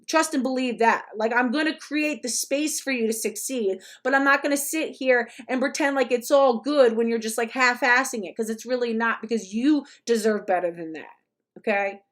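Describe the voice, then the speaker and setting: A woman's voice: on the high side, moderate pace. A woman giving ranting reaction commentary in a blunt, profane, emphatic way. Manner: blunt, profane and emphatic, with mocking put-on quotes. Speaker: commentary vlogger.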